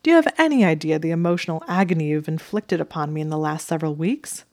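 A woman's voice: sits low, expressive, fast talker, no echo, clean studio sound. A woman voicing a smug, leering young wizard man who drawls his lines blandly.

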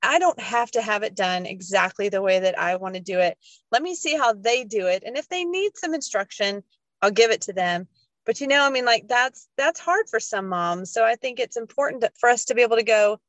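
A woman's voice: medium pitch, a little fast, a bit bright, no room sound. A woman co-hosting a podcast, chatting casually in a reflective, agreeable way. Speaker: podcast co-host. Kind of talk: casual chat. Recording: dry, dull lo-fi sound.

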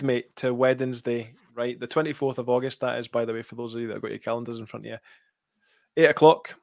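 A man's voice: mid-range voice, fast talker, vocal fry, no room sound. Scottish man reeling off stats, dry mic. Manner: lively, reels off match statistics. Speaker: podcast co-host. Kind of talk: casual football chat reading out stats.

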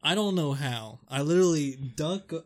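A man's voice: on the high side, expressive, normal speed. Young man swearing through a casual story. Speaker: podcast co-host. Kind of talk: casual chat.

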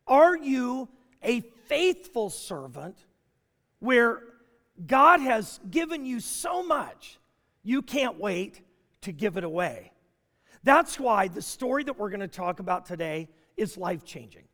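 A man with a very high voice preaches to his congregation. He asks question after question and his pitch swings widely as he builds his points. His words ring out with a long reverb, as in a big church hall. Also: measured pace. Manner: animated preaching with rhetorical questions. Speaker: pastor. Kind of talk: sermon.

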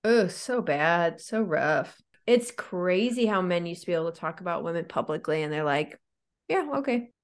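A woman co-hosting a podcast in casual chat, animated and sarcastic, with lots of "like". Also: lowish voice, moderate pace, few pauses. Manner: animated and sarcastic, heavy use of "like". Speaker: podcast co-host.

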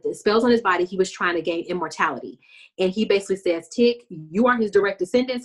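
A woman co-hosting a casual chat, recapping a TV episode and acting out lines from it. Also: fairly low pitch. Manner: animated storytelling, acts out characters' lines. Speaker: podcast co-host.

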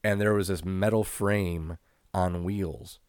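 A man's voice: low voice, fairly even intonation, slow pace, darkish tone, clear, resonant tone, no room sound, studio quality. A man co-hosting a podcast, recapping old wrestling shows in a laid-back, profane way and laughing often. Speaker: podcast co-host. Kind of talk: casual wrestling recap chat.

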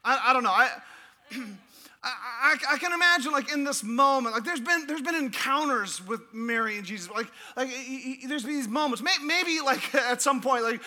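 A man preaching a sermon as pastor, animated and playful, with frequent laughs and asides. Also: extremely high pitch, normal speed. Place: church.

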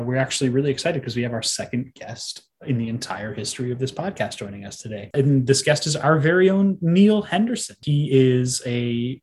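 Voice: mid-range voice, a little mellow, slight background noise. Wry, chatty podcast co-host. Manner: talkative and wry, with many fillers and restarts. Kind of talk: casual podcast chat.

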